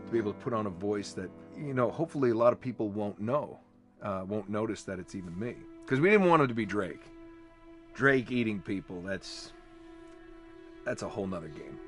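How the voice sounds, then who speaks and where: Male voice actor interviewed, low voice, casual and halting, music behind. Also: expressive. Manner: casual, hesitant, storytelling with restarts.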